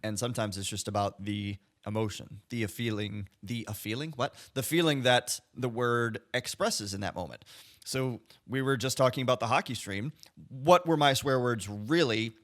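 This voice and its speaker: Male podcast co-host, bright forceful tone, measured explainer. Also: mid-range voice. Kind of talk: casual chat.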